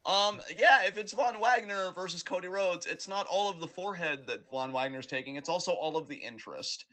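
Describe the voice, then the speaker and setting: A man's voice: high voice, fairly quick, bright, forceful tone. A man co-hosting a podcast, ranting in casual, profane, rambling chat. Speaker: podcast co-host.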